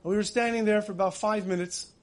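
High-voiced man preaching dramatically. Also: steady tone, fast talker. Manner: vivid, acts out quoted voices. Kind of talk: dramatic sermon storytelling.

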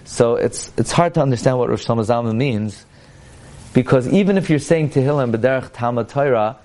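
Male Torah teacher, lively lecture delivery. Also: medium pitch. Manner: animated lecturing, mixing English with Hebrew and Yiddish-accented quotes.

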